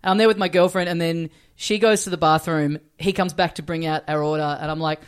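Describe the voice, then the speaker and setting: A man's voice: fairly high pitch, fairly even intonation, fast talker, hardly any pauses, smooth. An Australian man co-hosting a comedy podcast, telling a self-deprecating story in casual chat.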